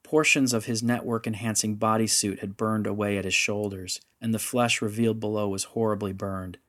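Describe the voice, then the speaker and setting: Low-voiced male audiobook narrator. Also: little pitch movement, brisk, fairly bright tone.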